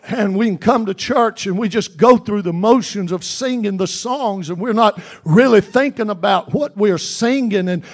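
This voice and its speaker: A man preaching a sermon in a fervent, repetitive style that builds toward shouting. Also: sits high, normal speed, few pauses.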